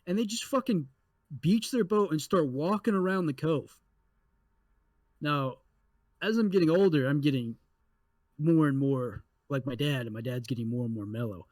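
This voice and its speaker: A young adult man co-hosting a podcast, telling a story in a casual, animated way with lots of swearing. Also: a little high, moderate pace, pauses often, no room sound. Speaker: podcast co-host.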